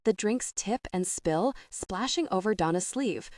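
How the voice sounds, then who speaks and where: A young adult woman reading a first-person romance audiobook with a steady, calm and expressive delivery. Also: medium pitch, a little slow, no room sound, studio quality. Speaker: audiobook narrator.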